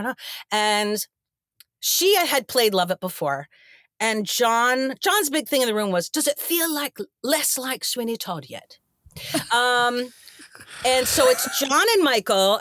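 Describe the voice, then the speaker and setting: Animated woman telling a backstage story. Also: fairly high pitch, dry recording, clean studio sound. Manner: animated, acts out quoted dialogue. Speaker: actress guest. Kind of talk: casual storytelling interview.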